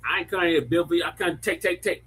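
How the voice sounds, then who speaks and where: A man's voice: fairly high pitch, racing, fairly bright tone, breathy edge, pitched above the performer's own voice. A man doing a mocking impression of a grabbing woman in a put-on African accent.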